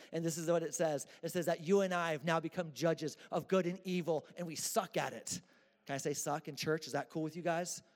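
Man, pastor, high voice, casual slangy sermon, long church echo. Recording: echoey church hall.

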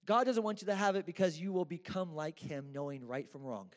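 A man's voice: a little high, a little fast, in a large hall, natural voice. A man voicing a sly serpent tempter who talks in a coaxing, casual way.

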